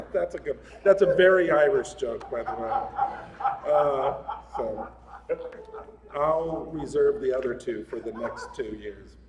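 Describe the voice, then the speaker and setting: Male preacher, conversational and jokey, mid-range voice; reverberant hall, distant mic. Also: mid-range voice. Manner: chatty, laughs often. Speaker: guest speaker at a spiritual center. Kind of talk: casual, joking sermon. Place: large hall of a spiritual center. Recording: echoey hall, mic at a distance, faint room noise.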